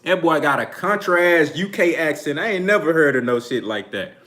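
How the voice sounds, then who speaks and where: A man in talks boxing on a live stream in a loose, slangy, laid-back way, often breaking into laughter. His voice sits a little high and rings very bright. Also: animated, moderate pace. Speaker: boxing channel host. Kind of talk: casual live-stream commentary.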